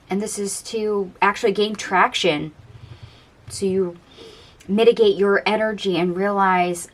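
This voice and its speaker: A woman giving a casual tarot card reading, chatty and dreamy, musing aloud over the cards in a gentle, encouraging way. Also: medium pitch, fairly even intonation, measured pace. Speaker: tarot reader.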